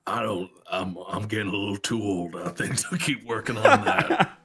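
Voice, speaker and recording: A man's voice: fairly low pitch, normal speed, slightly rough, faint music behind. A man playing in a tabletop game, joking and chatting casually. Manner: lively, joking. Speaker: player.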